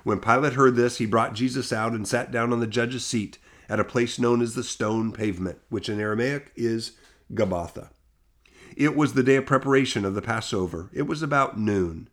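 A man reading Bible passages aloud in a steady, measured way, lightly voicing the quoted lines. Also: medium pitch. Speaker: scripture reader.

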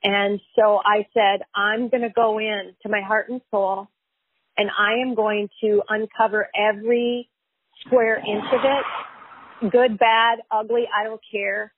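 Taking it slowly with a flat delivery at medium pitch, a chiropractor and life coach tells her story in a phone interview on a dry recording. She's candid and emphatic, often repeating herself and using plenty of fillers.

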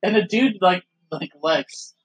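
A man's voice: high voice, measured pace, husky, rough recording. A young man chatting casually on a podcast while watching old footage, laughing often and swearing freely. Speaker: podcast co-host. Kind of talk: casual watch-along commentary.

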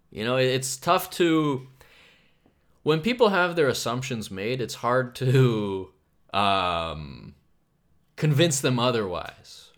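A young man runs a solo comedy podcast and talks in a loose, rambling way. He swears freely and jumps from loud outbursts to low mutters. His voice sits in the middle of the male range. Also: lively intonation, takes it slowly, long pauses. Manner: rambling, profane, swings between loud bursts and mumbling. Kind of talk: casual solo podcast rant.

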